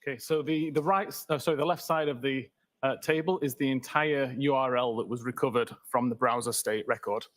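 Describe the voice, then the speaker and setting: A man on the witness stand walking a jury through technical details, methodical and halting with frequent fillers. His voice sits at a plain middle pitch. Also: fairly even intonation. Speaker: expert witness. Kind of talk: courtroom testimony. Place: courtroom.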